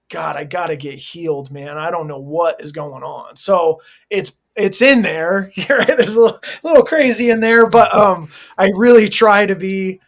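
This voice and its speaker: A man's voice: fairly high pitch, gravelly, a bit bright. Laid-back earnest man with slangy speech. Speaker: hardcore band vocalist, interview guest. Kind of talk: candid casual interview talk.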